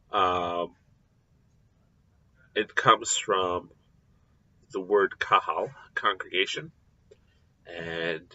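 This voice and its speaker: A man giving a recorded scripture lecture, explaining deliberately with frequent pauses and fillers. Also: low voice, bright, forceful tone, lo-fi sound. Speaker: Bible teacher.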